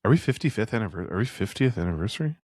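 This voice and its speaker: A man's voice: on the low side, very animated, racing, a little mellow, breathy edge, dry recording, clean studio sound. A man who grew up near Boston, co-hosting a podcast in casual chat, talking with plenty of fillers and laughing often. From New England, near Boston. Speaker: podcast co-host.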